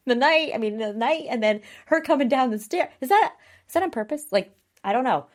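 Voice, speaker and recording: This woman co-hosts a podcast, recapping a TV episode in casual chat and acting out scenes with little voices and sounds. Her voice sits high, with lively intonation, and she talks a little fast.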